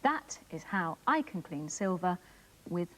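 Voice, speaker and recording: A woman's voice: lowish voice, sing-song, unhurried, fairly bright tone, low-quality recording. A woman with a Welsh accent presenting a children's TV science demonstration, explaining step by step.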